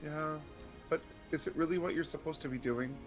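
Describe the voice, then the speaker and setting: A man's voice: a little high, fairly quick, faint music behind, pitched above the performer's own voice, lightly acted. A man playing an earnest sibling in a tabletop game, speaking plainly and pressing the point in his own voice. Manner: earnest, persistent, plain-spoken. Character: earnest, steady sibling sent by Mom. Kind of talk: live tabletop role-play.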